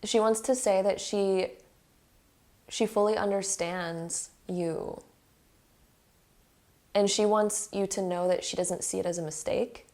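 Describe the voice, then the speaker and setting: A woman's voice: mid-range voice, steady tone, slow, long pauses, warm tone. Woman, tarot reader, earnest and emotional, chatty with lots of "like" fillers. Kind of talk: intuitive pick-a-card reading to camera.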